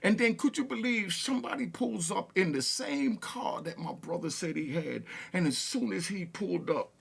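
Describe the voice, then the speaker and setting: A man's voice: high-pitched, lively intonation, normal speed, vocal fry, a little hiss or hum. A man from Harlem, casually telling street stories with stammered restarts and laughter. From Harlem, New York. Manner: laid-back, repetitive, stammering restarts and laughs. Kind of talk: casual storytelling.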